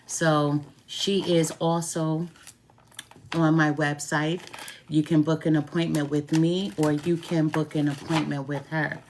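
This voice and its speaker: A woman's voice: sits low, little pitch movement, slow pace, slight background noise. A middle-aged woman, a tarot reader and root worker, talking casually to camera, chatty and heartfelt, repeating her phrases for emphasis. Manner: heartfelt, openly grateful.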